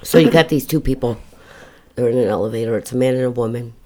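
An older woman chatting on a casual podcast, blunt and salty. She tells crude jokes and tough stories without softening anything, and she swears freely along the way. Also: extremely low pitch, quick pace. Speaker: guest, host's mother.

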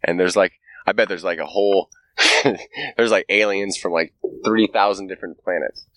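A man's voice: sits low, normal speed, a bit bright, no room sound. A man hosting a podcast, talking in a profane, ranting casual chat. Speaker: podcast host.

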